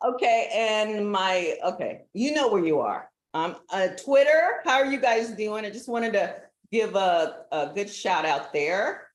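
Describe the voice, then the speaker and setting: Lady live streaming from her aunts house, rambly and laughy, mid pitch, bit of room echo. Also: animated, unhurried, hardly any pauses. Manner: chatty, laughing, easily sidetracked. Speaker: livestream host. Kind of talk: casual live stream chat. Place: relative's house.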